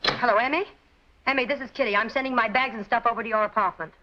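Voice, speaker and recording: An actress playing a breezy, headstrong society wife in a 1940s film, flippant and unflappable. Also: female voice, fairly high pitch, fast talker, background noise, lightly acted. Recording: dull old film soundtrack.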